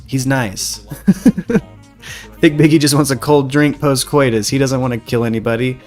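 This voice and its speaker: A man's voice: medium pitch, fairly even intonation, moderate pace, faint music behind. A man co-hosting a podcast in casual banter, crude and joking, laughing often. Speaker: podcast co-host. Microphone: headphones and studio mic.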